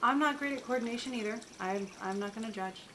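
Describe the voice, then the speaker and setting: A woman's voice: fairly high pitch, fast, background noise. A woman chatting casually while playing a video game, rambling to her viewers and the characters on screen, recorded on a desk microphone at home. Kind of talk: casual gameplay chat. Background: household sounds, dog noises.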